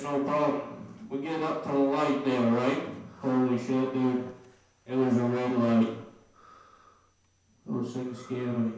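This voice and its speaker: A man's voice: mid-range voice, darkish tone. Male comic, rambling and cursing, recorded from a distance in an echoey room with faint noise. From Maine. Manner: rambling, profane, laughs at his own jokes. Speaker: stand-up comedian. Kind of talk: stand-up set.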